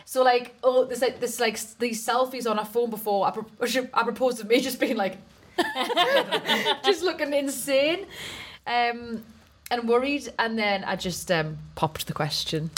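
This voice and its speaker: A woman tells a rambling story in casual podcast chat, breaking into giggles often. Her voice sits a little high for a woman. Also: unhurried, breathy edge. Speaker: podcast co-host, comedian.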